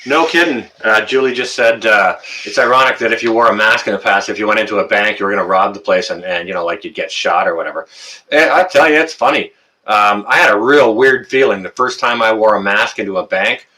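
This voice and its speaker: Over a rough recording, a middle-aged Canadian man chats casually on his live stream, wandering through viewer comments with many "uh"s. His Canadian-accented voice is fairly low and sharp, and he talks a little fast.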